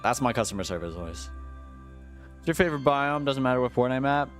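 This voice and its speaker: A man's voice: medium pitch, animated, fairly quick, faint music behind. A man streaming while he plays a game, chatting casually with his viewers in a joking, slangy way. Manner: joking, slangy, talks to chat. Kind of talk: casual live-stream chat while gaming.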